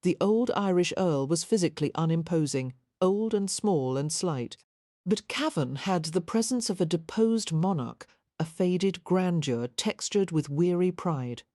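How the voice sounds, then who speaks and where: A woman narrating a historical romance audiobook in a measured, even storytelling manner, close to the mic. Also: on the low side, no room sound.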